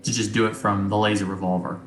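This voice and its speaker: A man's voice: fairly low pitch, flat delivery, quick pace, roomy sound, background noise. A man acting as game master, talking loosely and chattily and laughing easily. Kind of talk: running a tabletop game.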